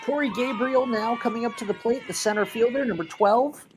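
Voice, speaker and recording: A man calling a live high school softball game, chatty and jokey, weaving in sponsor reads and getting loud on big plays. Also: brisk, background noise. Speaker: play-by-play announcer.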